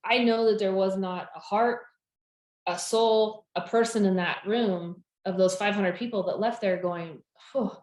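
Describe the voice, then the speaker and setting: A woman's voice: medium pitch, steady tone, measured pace, a little mellow. A woman from California, a podcast guest and business founder, talking casually and enthusiastically with frequent restarts. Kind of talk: casual conversation. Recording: roomy echo.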